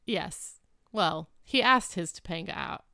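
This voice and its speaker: A woman's voice: on the low side, lively intonation, a little slow, creaky, bright, forceful tone, clean tone, dry recording, clean studio sound. A woman in her thirties co-hosting a podcast, recapping a sitcom in casual chat with lots of "like" fillers. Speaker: podcast co-host.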